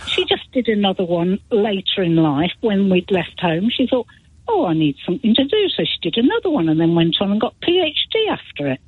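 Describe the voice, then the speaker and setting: A woman's voice: mid-range voice, very animated, a little fast, hardly any pauses, husky, no echo. A female caller, a former teacher, chatting emphatically on a phone-in. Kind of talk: phone-in chat. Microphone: telephone. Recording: tinny phone line.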